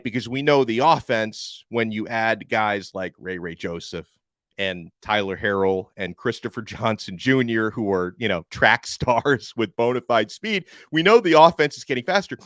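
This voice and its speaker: A man's voice: mid-range voice, fairly bright tone, dry recording, studio quality. A man hosting a sports podcast, giving upbeat, conversational analysis with self-deprecating asides.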